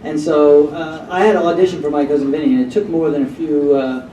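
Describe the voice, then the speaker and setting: A man with a high, mellow voice tells a rambling anecdote at a convention panel and slips into the voices of the people in it. The sound is roomy and distant, as if from a mic across a hall, with a faint hum behind him. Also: fairly even intonation, a little fast, highs cut off. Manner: rambling storyteller who acts out quotes. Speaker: panel guest.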